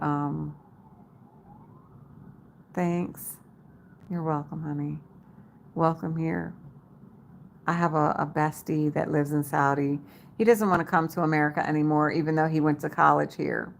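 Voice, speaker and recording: A woman's voice: sits low, creaky. A woman hosting a casual livestream from her home, chatting and laughing with viewers and reading their comments aloud by name. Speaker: livestream host. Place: home in Las Vegas.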